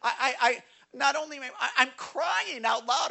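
Bright high-pitched emphatic male pastor. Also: moderate pace, vocal fry. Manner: emphatic, repeats words, restarts often. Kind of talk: sermon devotional.

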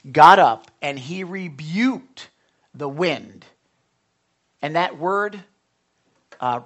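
A man's voice: on the high side, fairly bright tone. A man of Italian background preaching a sermon as pastor, earnest and conversational, with frequent restarts.

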